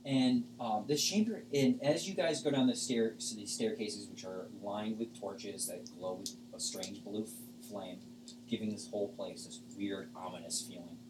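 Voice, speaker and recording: A man's voice: on the low side, fairly even intonation, moderate pace, noisy background. A man narrating a tabletop game as game master, casual and rambling with many fillers. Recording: echoey room, far from mic.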